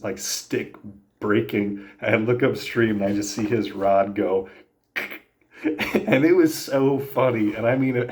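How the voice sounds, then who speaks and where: A man's voice: lowish voice, darkish tone. A younger man casually telling fishing stories as a podcast host, rambling with many fillers and frequent laughter. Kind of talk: casual storytelling.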